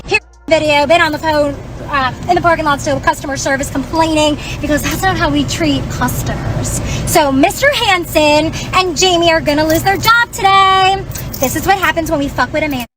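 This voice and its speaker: A woman ranting loudly and profanely about a store argument, recorded outdoors in a parking lot on a phone. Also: sits high, normal speed. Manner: loud, profane, indignant rant. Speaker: customer ranting on video. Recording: noisy street sound.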